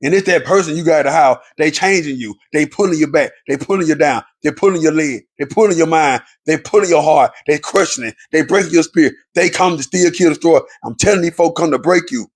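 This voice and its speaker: Gravelly, husky preachy man. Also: a little high, fairly quick, few pauses. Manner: preachy, repetitive, emphatic. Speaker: relationship commentator. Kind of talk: impassioned monologue to viewers.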